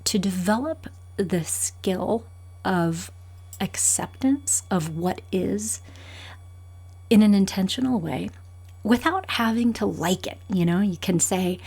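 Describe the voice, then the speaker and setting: A woman's voice: medium pitch, slow pace, a little mellow, breathy edge. A woman therapist hosting her own show, talking through advice in a thoughtful, explaining way with many fillers. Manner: thoughtful, with fillers, acts out quotes animatedly. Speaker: therapist host. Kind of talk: advice talk to camera.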